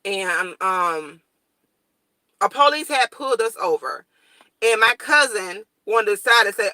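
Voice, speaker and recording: A woman's voice: medium pitch, measured pace, no room sound. A young woman vlogger, talking blunt and straightforward in a casual morning chat to her viewers. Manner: blunt, straightforward, animated storytelling.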